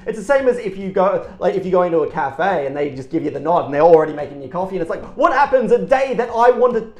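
A woman's voice: fairly low pitch, animated, quick pace, a little mellow. A woman co-hosting a casual chat show. She talks bluntly, swears freely and teases in ranting bursts. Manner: blunt and sweary, teasing rants. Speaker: podcast co-host. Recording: echoey room.

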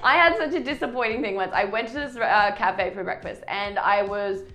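A woman's voice: mid-range voice, normal speed, sharp tone, soft background music. A woman co-hosting a casual podcast chat, laughing easily as she tells stories. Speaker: podcast co-host.

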